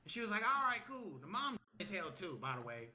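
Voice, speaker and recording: A very animated man with a fairly high voice speaks at a quick pace, with background noise audible, as he casually tells a story on a livestream. He curses, performs the quotes of others, and tags his lines with "okay?".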